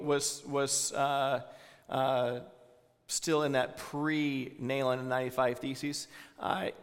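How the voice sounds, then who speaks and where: A man's voice: medium pitch, a bit bright, big-room sound. A man with a Southern US accent giving an informal sermon, talking conversationally with many fillers and putting questions to the congregation. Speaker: pastor.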